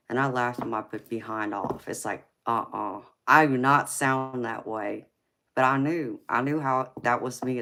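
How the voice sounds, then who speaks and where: A woman with a heavy Southern drawl, hosting a casual live stream and calling her viewers honey and sweetheart. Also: a bass voice. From California, raised in Georgia. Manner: affectionate, calls viewers honey and babe. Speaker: tarot reader and livestream host.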